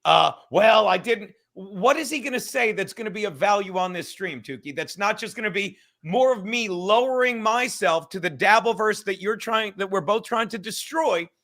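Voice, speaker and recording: Male stream host, high bright voice, profane and rambling. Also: moderate pace, few pauses. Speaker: livestream host. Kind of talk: livestream chat.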